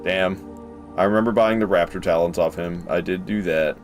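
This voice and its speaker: A man giving casual live commentary on a game, excitable, swearing casually and talking to his chat. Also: sits low, moderate pace, faint music behind. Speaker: game streamer.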